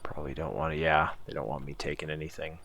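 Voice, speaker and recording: A man giving relaxed, casual let's-play commentary, musing to himself as he explores. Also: extremely low pitch, fast talker, slight background noise. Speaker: gameplay commentator.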